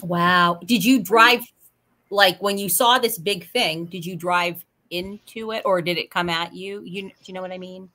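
Woman, slightly low voice, podcast panelist, short reactions, casual follow-up questions. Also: fairly even intonation, moderate pace, sharp tone. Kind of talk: casual chat.

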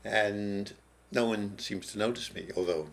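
Older man telling a slow, halting story. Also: on the low side, fairly even intonation, gravelly. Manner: slow, halting, with pauses and restarts. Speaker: interview guest, former prison teacher. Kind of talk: reflective storytelling. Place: TV studio.

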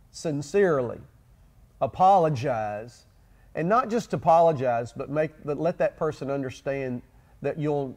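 A man's voice: mid-range voice, darkish tone. A man co-hosting a talk on marriage as a pastor, speaking emphatically and repeating phrases for stress. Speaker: pastor and show co-host. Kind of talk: casual teaching talk on marriage.

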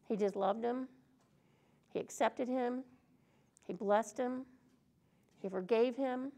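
Woman preaching, earnest and chatty, kinda high voice, gravelly fry. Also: takes it slowly, long pauses, warm tone. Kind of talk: sermon.

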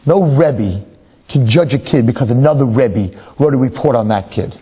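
A middle-aged man, a rabbi, delivering a sermon with stories in an emphatic, animated preaching manner. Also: mid-range voice, moderate pace, breathy edge. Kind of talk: sermon with storytelling.

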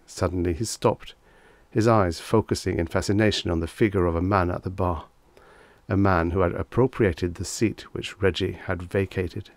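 A male audiobook narrator with a low voice reads a vintage short story in a measured, wry way. The recording is close and completely dry. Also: fairly even intonation, no room sound.

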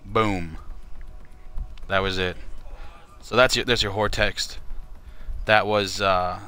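A man's voice: low voice, level tone, slow pace, pushed and bright, clean tone. Crude, joking man hosting a livestream. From Canada. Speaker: livestream fundraiser host. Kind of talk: casual livestream chat.

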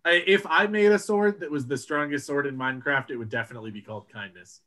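A man's voice: fairly high pitch, fast, bright, forceful tone. A man co-hosting a casual podcast, explaining ideas at length and swearing when amused. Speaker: podcast co-host. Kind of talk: casual chat.

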